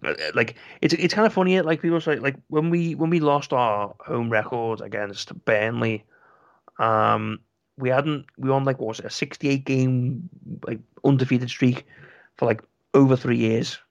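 A man co-hosting a casual football podcast, ranting with sarcasm and tripping over his first words. His voice sits at an average pitch and sounds a little dull and lo-fi, recorded dry with no room sound. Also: moderate pace, vocal fry, no room sound. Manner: sarcastic, ranting, repeats words when starting. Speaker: podcast co-host. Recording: slightly dull lo-fi mic.

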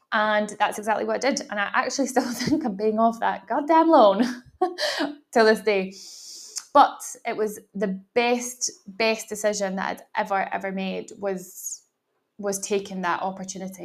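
A young woman with a mild Glaswegian accent, hosting a solo podcast and rambling through her own story with restarts and laughs. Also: medium pitch. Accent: mild Glaswegian Scottish. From Glasgow, Scotland. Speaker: podcast host.

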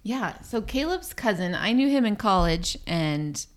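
A young woman from Idaho chatting casually as a podcast guest, lively and chatty. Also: mid-range voice, measured pace. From Idaho, USA. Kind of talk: casual chat.

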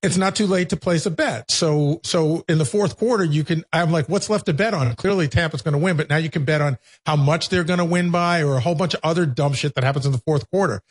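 A man on a radio show staff in a studio, chatting in a quick, exasperated way in casual banter. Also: fairly high pitch, slightly rough.

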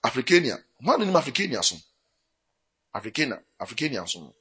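A man's voice: mid-range voice, sing-song, quick pace, pushed and bright, husky. A man preaching a sermon with a Ghanaian accent, switching between Twi and English and rising into bursts of emphasis. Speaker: pastor.

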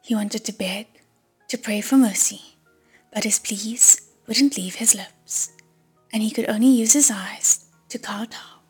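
A woman narrating a novel audiobook in a breathy, half-whispered way. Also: mid-range voice, unhurried, a little mellow, faint music behind. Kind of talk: scripted narration.

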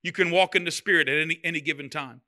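A man's voice: on the high side, steady tone, quick pace, bright, forceful tone. A man preaching a sermon as pastor, talking in a loose, conversational way with humor and repeated phrases.

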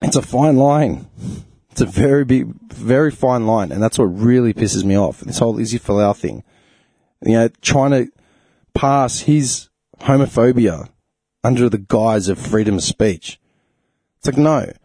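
A man's voice: medium pitch, lively intonation, a little slow, warm tone, breathy edge, no room sound. Swearing, indignant Australian man ranting. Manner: profane, blunt and indignant, swears freely. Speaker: podcast host. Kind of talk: casual opinion rant.

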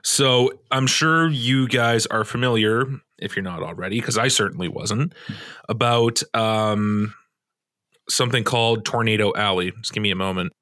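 A man co-hosting a casual podcast chat, talking in a relaxed, joking way. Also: fairly low pitch, moderate pace, no echo, studio quality. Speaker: podcast co-host.

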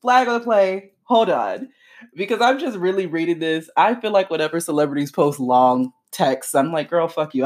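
A pop culture commentator in casual chat, reading a post aloud and breaking in with sarcastic, laughing asides. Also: medium pitch.

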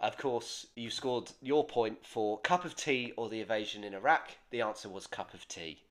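A man's voice: fairly low pitch, moderate pace. A man hosting quiz games on a casual comedy podcast, playful and laughing often. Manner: playful, laughs a lot, quiz-show announcing.

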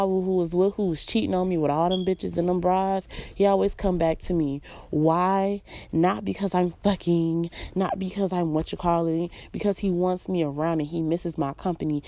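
A woman's voice: on the low side, warm tone, no echo. A woman giving a blunt, profane, emphatic personal monologue, hammering her points home with repeated phrases. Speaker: vlogger.

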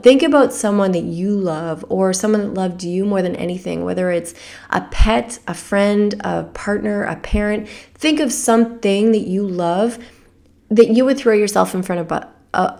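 Gravelly-voiced woman coach telling her story. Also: mid-range voice, normal speed. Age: adult parent. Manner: candid and emotional, with restarts and laughs. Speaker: life coach. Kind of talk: personal storytelling podcast.

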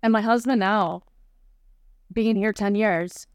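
A woman's voice: medium pitch, steady tone, takes it slowly, clean tone, no room sound. A woman from Chicago chatting as a podcast guest, full of "like" fillers and acted-out quotes. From Chicago, USA. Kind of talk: casual chat.

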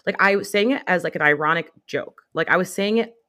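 A woman's voice: lowish voice, fast, bright, forceful tone. Chatty young woman podcast co-host. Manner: chatty, lots of "like" fillers and quoted asides. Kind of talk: casual chat.

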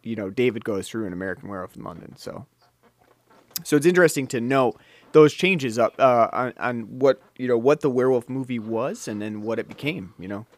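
A man's voice: medium pitch, brisk, dry recording. A man hosting a podcast in casual chat, rambling with lots of fillers, close to the microphone. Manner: rambling, with many fillers and restarts. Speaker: podcast host.

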